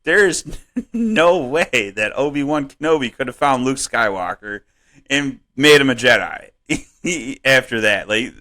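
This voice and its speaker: Rambling, profane man with a bright voice. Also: medium pitch, unhurried. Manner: rambling, profane, laughing often; animated, voice jumps up when worked up. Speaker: podcast co-host. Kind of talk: casual podcast chat.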